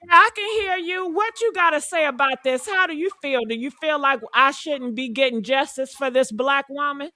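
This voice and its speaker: Fiery high-voiced woman ranting live. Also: normal speed, hardly any pauses, no echo. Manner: loud, fiery, swearing, talks straight to viewers. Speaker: livestream host. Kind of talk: heated livestream rant.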